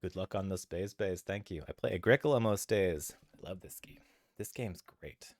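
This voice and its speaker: A man's voice: low-pitched, normal speed, no room sound, clean studio sound. A man streaming board games, greeting viewers and thinking aloud about his moves in casual chat. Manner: chatty, thinks aloud over game moves. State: a little out of breath at times. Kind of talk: casual live-stream chat while playing.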